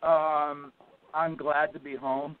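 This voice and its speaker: A man's voice: a little high, slow, dry recording. A man, a band singer being interviewed, telling stories in a casual chat and acting out what people said. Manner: animated storyteller acting out quotes. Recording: tinny phone line.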